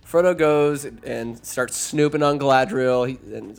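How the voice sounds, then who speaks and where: A man's voice: a little high, unhurried, creaky, few pauses, soft background music. A man casually retelling a fantasy film for laughs, rambling and profane, with sarcastic asides. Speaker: comedic film recapper. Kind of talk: casual comedic story recap.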